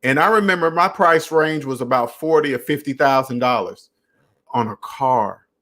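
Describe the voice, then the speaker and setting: A man's voice: mid-range voice, moderate pace, sharp tone. A young adult man hosting a casual personal finance live stream, talking straight to viewers and repeating phrases for emphasis.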